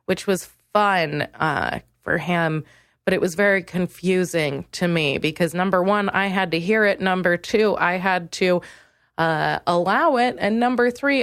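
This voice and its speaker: Lowish-voiced lady comic ranting on her podcast, foul-mouthed and biting, dry close sound. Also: unhurried, clean tone, no room sound. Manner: crude, acerbic ranting with sudden high jumps in pitch. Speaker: stand-up comedian hosting a podcast. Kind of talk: comedic monologue.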